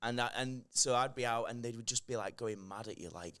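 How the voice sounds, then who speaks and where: A man, a podcast guest telling animated stories and acting out quotes. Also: mid-range voice, fairly quick, smooth. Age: 30s. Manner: animated storytelling, acts out quoted lines. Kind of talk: casual chat.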